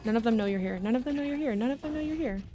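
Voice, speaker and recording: A young woman streamer chatters through her gameplay in a fairly high voice, talking dramatically to herself and to the game. She sometimes stumbles as she reads on-screen text aloud. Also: lively intonation, rapid-fire, warm tone, faint music behind. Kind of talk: live game commentary.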